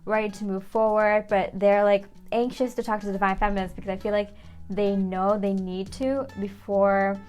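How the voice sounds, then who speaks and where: A woman's voice: medium pitch, level tone, moderate pace, a little mellow, clear, resonant tone. A woman giving a casual tarot reading, chatty and filler-heavy, over faint background music. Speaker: tarot reader.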